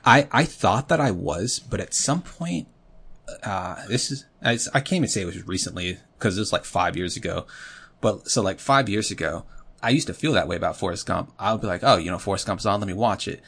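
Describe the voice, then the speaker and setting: A man's voice: sits low, lively intonation, a little fast, fairly bright tone, slightly rough. A man co-hosting a podcast in casual chat, telling rambling stories full of fillers. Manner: rambling storyteller, heavy on fillers. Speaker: podcast co-host.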